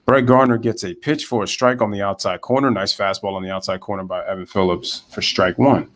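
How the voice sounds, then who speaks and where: Calling a baseball game live for his online audience, a young man reads chat messages aloud between pitches. His voice usually stays at an ordinary middle pitch but shoots sharply upward whenever he breaks into heated, ranting asides. He talks briskly, animated and chatty with his viewers throughout this casual play-by-play.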